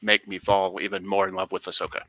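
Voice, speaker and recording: Low-voiced man with a sharp, bright tone. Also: monotone, no room sound. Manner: measured, frank, analytical. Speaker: podcast co-host. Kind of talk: casual chat.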